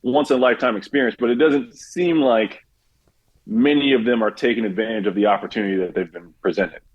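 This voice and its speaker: A man talking as a podcast guest in casual chat, animated, laughing often and filling his speech with "like". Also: mid-range voice, brisk, slightly rough, muffled recording.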